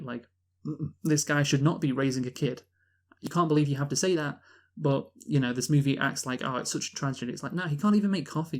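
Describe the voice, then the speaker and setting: A man from Britain in casual podcast chat about a film, rambling with many restarts and fillers. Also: mid-range voice. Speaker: podcast co-host, film reviewer.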